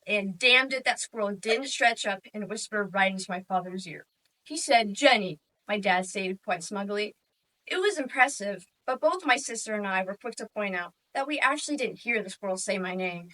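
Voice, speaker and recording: In a humorous interpretation performance, a student competitor tells a comic story with wry, deadpan narration. Her mid-range voice moves at normal speed and is picked up from a distance.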